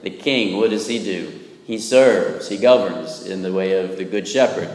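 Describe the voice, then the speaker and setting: Folksy priest preaching in an echoing church. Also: male voice, sits low, normal speed, darkish tone. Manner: folksy, humorous, asks "right?" often. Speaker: Catholic priest. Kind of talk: sermon. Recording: echoey church with long reverb.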